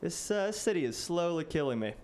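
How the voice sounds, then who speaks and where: A man's voice: on the high side, very animated, fairly quick, darkish tone, slight background noise. Self-deprecating young male stand-up comic. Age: late 20s. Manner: casual, self-deprecating, lots of "like". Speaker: stand-up comedian. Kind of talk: stand-up comedy set. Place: stage before a live audience.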